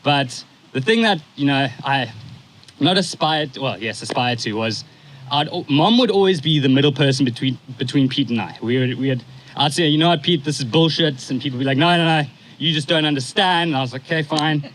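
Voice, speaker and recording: With a fairly bright voice on the high side, a young man in his twenties eulogizes his stepfather. His storytelling is casual and halting, and he pauses at times to pull himself together. The audio is poor.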